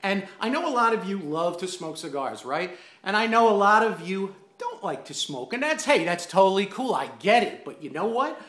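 A man telling an indignant, animated story as a rant, loudly acting out the other people's lines. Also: sits high, moderate pace, reverberant. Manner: loud, indignant, acts out quotes. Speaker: online ranter, cigar enthusiast.

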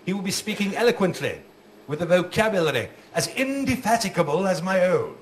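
A man's voice: sits high, sing-song, a little fast. A man voicing a pompous older male headmaster who speaks in an over-formal way. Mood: haughty. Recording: live comedy club with crowd noise.

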